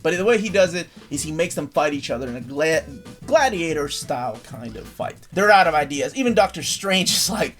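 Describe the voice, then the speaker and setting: A man with a fairly high voice co-hosts a casual comic-book podcast. He tells the story in an animated way and swears freely. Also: a little fast, soft background music. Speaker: podcast co-host.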